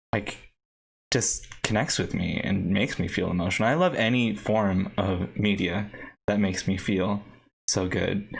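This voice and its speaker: Gravelly low-voiced man gushing on a stream. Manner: gushing and emotional, quick laughs. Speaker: streamer reacting to an album. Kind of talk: casual live-stream chat. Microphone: headphones and laptop setup.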